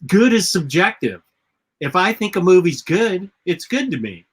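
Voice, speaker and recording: A man's voice: high-pitched, very animated, normal speed, slightly rough. A man co-hosting a casual chat, opinionated and easily amused. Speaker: co-host.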